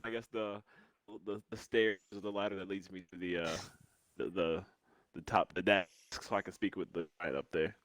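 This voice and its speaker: A man's voice: deep voice, fairly even intonation, moderate pace, fairly bright tone, no room sound. A man taking his turn as a player in a tabletop game, stumbling and restarting often as he speaks in character. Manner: hesitant, stumbling, lots of ums and repeated words.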